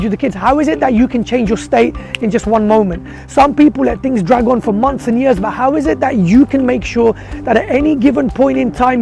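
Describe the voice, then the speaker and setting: A man with a very high, warm-toned voice delivers a motivational talk full of rhetorical questions. His delivery is earnest and direct, with a gravelly edge, and faint music plays underneath. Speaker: motivational speaker for dentists.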